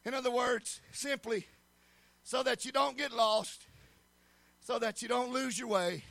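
A man preaching a sermon, moving from calm storytelling to rhythmic, shouted preaching. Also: extremely high pitch, unhurried, gravelly, dry recording.

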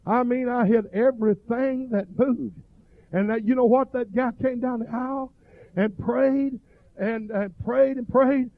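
A middle-aged man preaching a fervent revival sermon that swells into shouted cries. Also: extremely high pitch, fairly even intonation, normal speed, gravelly, no room sound. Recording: dull lo-fi recording.

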